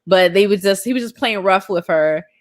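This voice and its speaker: A woman guest in a casual chat, adding her side of a family story in a relaxed way. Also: medium pitch, moderate pace, no echo, studio quality.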